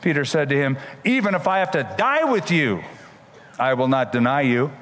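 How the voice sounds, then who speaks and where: Male pastor, somewhat high voice, emphatic sermon delivery, long hall reverb. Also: normal speed. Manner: animated, emphatic Bible storytelling.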